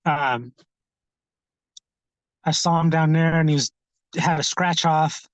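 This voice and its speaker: A man telling his own story in an interview, earnest and halting, often repeating words as he searches for what to say. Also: a little high, steady tone, dry recording, poor audio. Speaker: street ministry founder.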